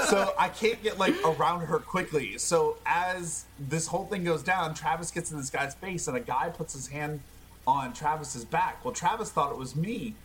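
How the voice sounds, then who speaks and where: Lively animated man telling a story. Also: fairly high pitch. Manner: laughs often, rambling with fillers. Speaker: podcast co-host. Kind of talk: casual storytelling.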